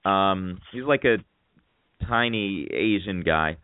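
A man's voice: sits low, animated, slow, clean tone, dry recording. A man co-hosting a radio show, telling candid stories in casual chat and swearing freely, feeling feverish. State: feverish, getting chills. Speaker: radio co-host. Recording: dry tinny phone-like sound.

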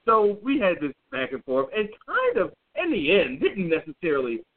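Profane, animated man on a tinny line. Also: high-pitched, moderate pace. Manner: blunt, profane, animated storytelling. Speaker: podcast co-host. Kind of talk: casual chat. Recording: tinny phone-like audio.

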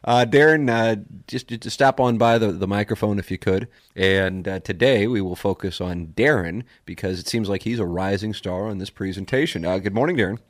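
A man hosting morning radio in a joking tone, often reading listener texts aloud. His voice is mid-pitched and dry. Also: moderate pace, few pauses, dry recording. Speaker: radio show host.

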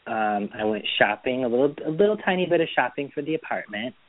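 A man's voice: medium pitch, lively intonation, fast talker, no echo. A man co-hosting a podcast, chatting casually and telling stories about his weekend, acting out what people said. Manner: chatty storyteller, quotes people in put-on voices. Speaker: podcast co-host. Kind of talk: casual chat. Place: Boston. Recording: dry phone-line sound.

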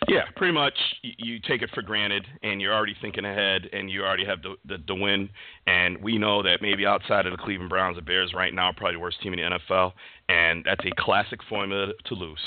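A man's voice: low voice, steady tone, fast, no room sound. A man hosting a casual sports talk show, loose and rambling, sometimes heartfelt, heard over a tinny line. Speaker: podcast host. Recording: tinny phone-line audio.

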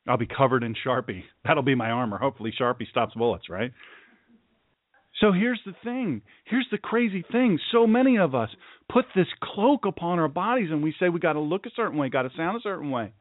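A man's voice: a little high, lively intonation, a little fast, dry recording. A man hosts a radio show, talking in an earnest, folksy and preachy way and hammering his points with repeated phrases. His voice comes through a thin, phone-like line with no room sound around it. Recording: dry, tinny phone-like sound.

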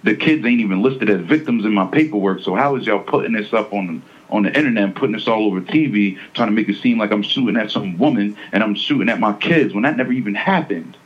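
A man's voice: lowish voice, fast, hardly any pauses, husky, muffled recording. A man being interviewed, talking casually and emphatically, with slang and many repeats. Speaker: interviewee, defendant. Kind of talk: casual interview over a phone line.

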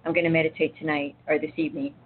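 A woman's voice: sits low, flat delivery, very fast, husky. A woman talking casually about faith as an intuitive reader, telling rambling, chatty stories full of asides. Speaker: intuitive reader and spiritual speaker. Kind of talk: casual spiritual talk to viewers. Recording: tinny phone-like sound with faint noise.

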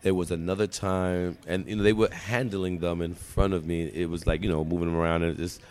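Podcast guest, lowish voice, playful and teasing, laughs a lot. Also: male voice, a little fast. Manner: animated, teasing, laughs easily. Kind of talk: casual podcast chat.

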